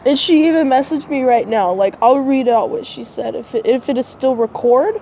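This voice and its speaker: A woman's voice: high-pitched, animated, normal speed, warm tone. A woman with a stuffy nose from crying talks hesitantly and rambles into her phone outdoors. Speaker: vlogger. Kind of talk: casual rambling talk to camera. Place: outdoors by a road at dusk. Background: faint traffic.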